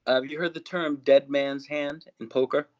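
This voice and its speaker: A man asking trivia questions in a casual chat, with a relaxed, hesitant delivery and frequent pauses. His voice sits at a middle pitch and comes through dull, lo-fi call audio. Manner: relaxed, hesitant with many ums. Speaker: trivia guest.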